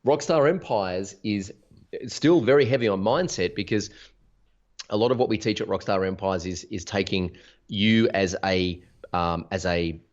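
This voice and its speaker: A man with a very low voice explains his business to an interviewer, energetic and full of examples, often restarting a thought. The sound is dull and lo-fi. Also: normal speed. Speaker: interview guest, business founder. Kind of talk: casual conversational interview. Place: Sydney.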